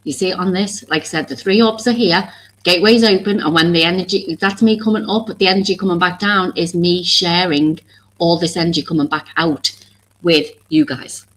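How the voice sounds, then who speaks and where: A woman with a notably low, deep voice talks to her viewers on a live stream. She rambles earnestly, circles back and restarts her thoughts, and sounds openly vulnerable and emotional. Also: fairly even intonation, a little fast, a bit bright, rough recording. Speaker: oracle card reader and live stream host.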